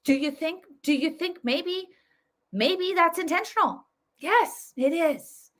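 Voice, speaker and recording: Speaking slowly in a very high-pitched, fairly bright voice, a woman in her thirties hosts her own political commentary vlog. She's emphatic and casual, filling her talk with fillers and restarts.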